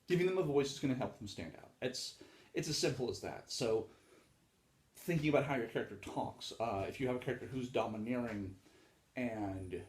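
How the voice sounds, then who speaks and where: Casual rambling man in a roomy space. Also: mid-range voice. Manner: rambling and informal, with frequent fillers and some swearing. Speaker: podcast host talking about writing. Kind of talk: casual solo talk on writing craft.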